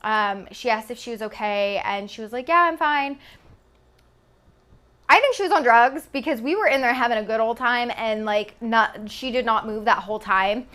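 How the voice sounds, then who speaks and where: A young woman from Texas, about twenty, tells a casual storytime to her phone camera. Her voice sits a little high, and her talk is loose and full of "like" fillers, with swearing dropped in casually. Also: a little fast, hardly any pauses, fairly bright tone. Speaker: vlogger.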